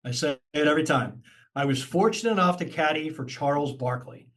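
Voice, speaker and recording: A man's voice: fairly high pitch, lively intonation, a little fast, fairly bright tone. A man in his fifties being interviewed as a marketing consultant, telling stories in a chatty way with many restarts. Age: 50s. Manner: chatty storyteller with frequent restarts and fillers. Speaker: podcast guest, marketing consultant. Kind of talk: casual interview chat.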